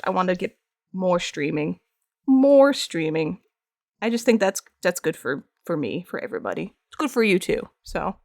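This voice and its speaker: A woman's voice: medium pitch, gravelly, dry recording, clean studio sound. A young woman chatting casually with her viewers while streaming art from home. She rambles, pokes fun at herself and laughs often. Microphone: streaming microphone.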